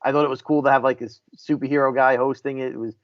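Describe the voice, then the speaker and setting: A man's voice: medium pitch, little pitch movement, fast, dry recording. Guy on a podcast gushing about old favorites, dead dry sound, muffled. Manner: enthusiastic, storytelling, some restarts. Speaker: podcast co-host. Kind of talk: casual chat. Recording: dry, dull lo-fi audio.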